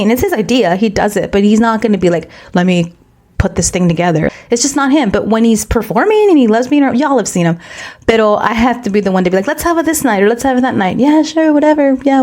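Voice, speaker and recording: A woman co-hosting a podcast in casual chat, telling stories with lively acted-out quotes and dropping Spanish phrases into her English. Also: mid-range voice. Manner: fast, animated storytelling, mixing Spanish phrases into English; acts out quoted dialogue in a raised voice. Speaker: podcast co-host.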